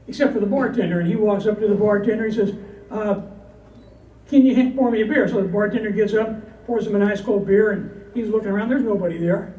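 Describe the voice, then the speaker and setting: Man, cowboy poet, folksy storyteller, high voice, roomy hall heard from afar. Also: warm tone, distant mic, a little hiss or hum. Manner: folksy storytelling, slow dramatic recitation. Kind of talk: live poetry performance with jokes. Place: hall before a live audience.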